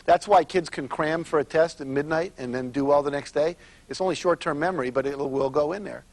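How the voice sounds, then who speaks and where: Motivational speaker, middle-aged man, fairly high voice, storytelling to a seminar crowd. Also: a little fast, dry recording. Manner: storytelling, asks the audience questions. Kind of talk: live seminar talk.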